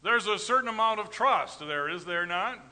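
Forceful, bright-voiced preacher man in a reverberant hall. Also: high-pitched, animated, moderate pace. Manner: folksy, rambling anecdotes with tag questions; big swings between loud emphasis and quiet asides. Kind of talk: storytelling sermon.

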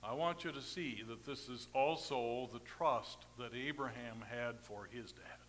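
A middle-aged man preaching a storytelling sermon, folksy and rambling, with sudden swings between loud emphasis and quiet asides. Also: medium pitch, unhurried, long reverb tail, a little hiss or hum. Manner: folksy, rambling anecdotes with tag questions.

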